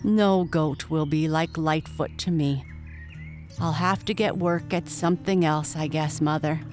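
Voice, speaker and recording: A woman's voice: deep voice, fairly even intonation, measured pace, darkish tone, faint music behind. A woman voicing a hopeful, eager young Irish boy with earnest speech in a storybook reading. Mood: downcast.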